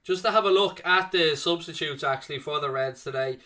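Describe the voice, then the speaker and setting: Brisk and fairly high in pitch, a young man offers live fan commentary during a watchalong. Between plays he chats with his audience, reading chat messages aloud in a chatty, excitable style.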